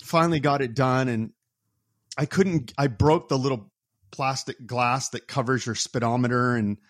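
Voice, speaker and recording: A man's voice: medium pitch, moderate pace, no echo, studio quality. A man co-hosting a casual podcast chat who tells stories animatedly, acts out his own past complaints and laughs at himself. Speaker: podcast co-host.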